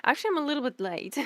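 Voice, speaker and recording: A young woman with a bright, high voice chats live with her stream audience, bubbly and effusive, laughing easily. The sound is dry and close, with no room echo. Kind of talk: live game stream chat.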